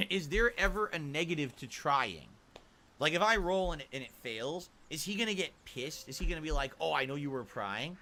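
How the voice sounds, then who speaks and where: A man thinking out loud while he plays a game on stream, wondering about choices and muttering to himself. His voice is fairly high and bright, with faint noise behind it. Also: animated, moderate pace. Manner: musing, talks to himself while playing. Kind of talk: let's-play commentary.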